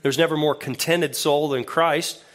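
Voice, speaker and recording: A man who is an associate pastor, preaching a sermon in a conversational way that grows lively when he quotes scripture. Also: a little high, unhurried.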